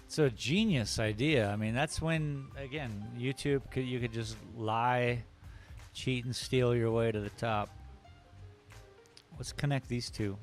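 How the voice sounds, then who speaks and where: A man's voice: mid-range voice, a little slow, soft background music. A man hosting a live drawing stream, chatting casually and rambling between jokes. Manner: laid-back, rambling, joking.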